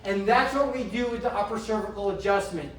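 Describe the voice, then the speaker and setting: A middle-aged man, a chiropractor, giving a motivational health talk to a live audience, asking them questions and slowing down to stress key phrases. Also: high-pitched. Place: indoor event room. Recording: roomy echo, mic from a distance, faint background noise.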